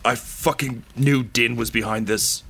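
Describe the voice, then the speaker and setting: A man's voice: medium pitch, fairly even intonation, measured pace, gravelly, sharp tone, breathy edge, full character voice. A man voicing a dying, massive, crude but loyal man who swears while gasping out urgent warnings. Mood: dying urgency.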